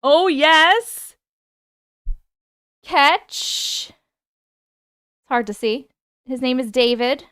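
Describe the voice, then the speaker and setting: Excited chatty woman, smooth voice. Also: high voice, drawn-out words, pauses often, no echo, studio quality. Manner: excited, chatty, swears casually. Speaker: host. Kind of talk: casual live-stream chat.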